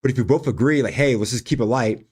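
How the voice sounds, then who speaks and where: Animated man telling a story on a livestream. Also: medium pitch, quick pace, husky. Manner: animated, acts out quoted dialogue, laughs often. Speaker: livestream host and fighter.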